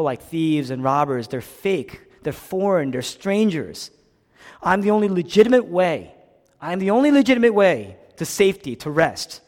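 A man preaching from the front of a church sanctuary, his slightly high voice ringing with a long hall reverb. He delivers the sermon with big dynamic swings, pressing hard on emphatic lines and then falling to quiet, low asides. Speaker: pastor.

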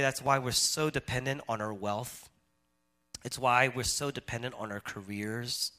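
A man preaching a sermon, swinging between loud emphatic stretches and hushed, quiet ones. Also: medium pitch. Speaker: pastor.

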